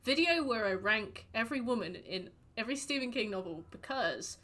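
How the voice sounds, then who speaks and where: A woman's voice: fairly high pitch, animated, moderate pace, sharp tone. A woman streaming a game, chatting casually with her viewers in a rambling, playful way. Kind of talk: casual chat while gaming.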